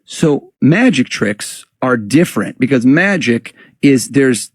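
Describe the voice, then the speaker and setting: A man guest on a podcast, relaxed and explanatory, often tagging questions with "right?". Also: mid-range voice, takes it slowly, dry recording, clean studio sound. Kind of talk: casual interview talk.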